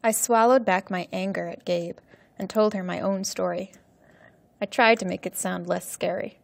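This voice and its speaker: A woman teacher reading a story aloud for English learners, slowly and carefully. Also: mid-range voice, steady tone, vocal fry, dry recording.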